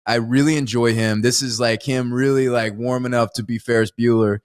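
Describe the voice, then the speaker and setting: A man co-hosting a podcast, chatting casually about a film with lots of laughter and excited jumps in pitch. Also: brisk. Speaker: podcast co-host. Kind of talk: casual film review chat.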